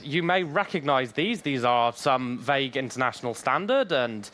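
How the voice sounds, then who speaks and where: Man, hoarse voice, conference speaker, dry wit, faint background hum. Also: mid-range voice, lively intonation, normal speed, hardly any pauses, a bit bright. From Wales. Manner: dry humorous asides. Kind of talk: technical conference talk.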